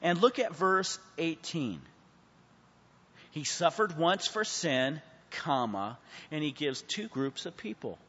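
A man's voice: a little high, expressive, slow pace, husky. Man preaching in an echoey hall. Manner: preaching with sudden swings from hushed to loud; asks the class questions and calls on people. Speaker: Bible class teacher. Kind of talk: Bible study sermon. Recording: muffled sound with a long hall reverb.

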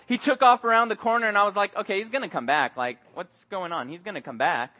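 A man preaching a sermon, telling stories in a lively way and acting out the voices in them. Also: high voice, quick pace. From Mexico. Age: adult with young son. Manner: animated storytelling, acts out voices. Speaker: pastor.

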